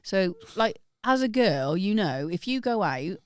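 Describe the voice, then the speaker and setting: A young woman with a Bristol accent chats on a podcast, frank and quick to giggle as she tells her stories. Her voice sits at a middle pitch. It is recorded close and dry, with no room around it. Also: big pitch swings, clean tone, no room sound. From Bristol, England. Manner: frank, giggly anecdote telling. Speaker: podcast guest. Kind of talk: casual chat.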